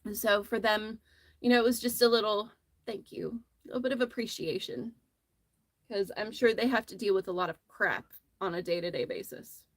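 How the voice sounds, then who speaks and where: A woman's voice: mid-range voice, moderate pace, no echo. A woman hosting a casual crochet livestream from her phone, telling a rambling, friendly story as she works. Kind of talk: casual chat while crocheting.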